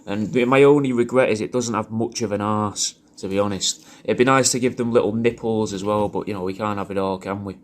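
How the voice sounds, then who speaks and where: A man with an English regional accent giving a rambling, crude, deadpan comic monologue as a personalised video message. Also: on the low side, brisk, hardly any pauses. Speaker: comedic character doing a personalised video message.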